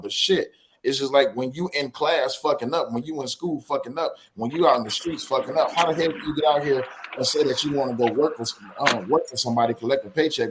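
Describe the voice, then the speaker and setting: A man hosting a casual talk, with speech that tumbles out quickly. He is blunt and swears freely, and he hammers his points by repeating them. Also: mid-range voice, slight background noise. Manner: blunt, profane, emphatic, repeats phrases for stress. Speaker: podcast host. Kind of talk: casual discussion.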